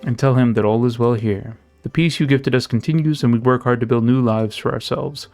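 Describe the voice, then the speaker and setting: A man voicing a gentle, devoted woman of a city in a game, reading her lines in formal, old-fashioned phrasing. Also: mid-range voice, fairly even intonation, a little fast, faint music behind, natural voice. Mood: earnest. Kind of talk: reading game dialogue aloud.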